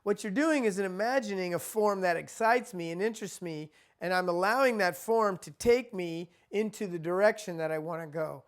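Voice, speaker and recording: A man's voice: high voice, normal speed, hardly any pauses, smooth. A man teaching a spiritual lesson in a conversational, repetitive way. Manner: conversational, repeats himself, acts out quoted people.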